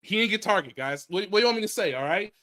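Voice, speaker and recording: An American man talks football on a podcast with a lively, swooping delivery, leaning into repeated lines and quick impressions of players. His talk is loose and conversational, full of asides to the audience. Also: sits high. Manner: animated, repeats phrases, imitates players with quotes. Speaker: sports reporter and podcast co-host. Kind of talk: casual sports podcast chat.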